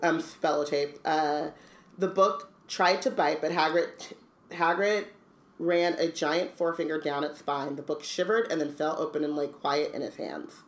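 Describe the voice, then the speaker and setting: A woman's voice: low-pitched, fairly even intonation, moderate pace. A woman reading a book aloud on a podcast with casual asides and filler ums. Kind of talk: casual book read-along chat. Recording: roomy echo.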